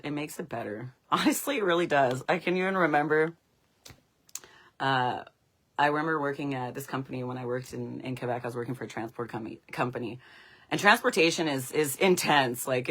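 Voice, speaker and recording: A woman's voice: low voice, bright, forceful tone. A young woman telling stories on a casual livestream, chatty and laughing often. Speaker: livestream host.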